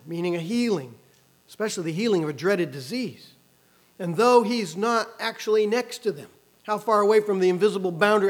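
High-voiced man preaching a sermon. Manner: expressive preaching, voice rising for quoted cries. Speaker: pastor.

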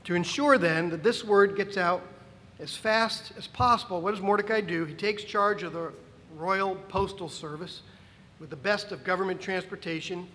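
A male pastor delivers a sermon in a high, bright-sitting voice, emphatic and animated, with wry asides to his listeners. His words ring out with a long reverb, as in a large church hall. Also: normal speed, slight background noise.

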